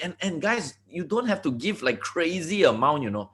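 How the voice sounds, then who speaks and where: Malaysian-accented man, motivational speaker, bouncy and animated delivery. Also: a little high, moderate pace. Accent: Malaysian English. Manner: animated, repeats words, many asides. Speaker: network marketing leader. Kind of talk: motivational talk on a video call.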